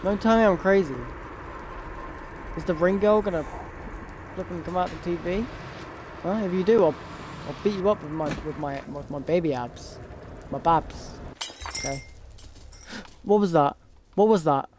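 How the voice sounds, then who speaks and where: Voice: medium pitch, normal speed, pauses often, noisy background. A let's play gamer, commentating a horror game in a jumpy way, talking to the game's characters. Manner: jumpy, talks to game characters, startled shrieks.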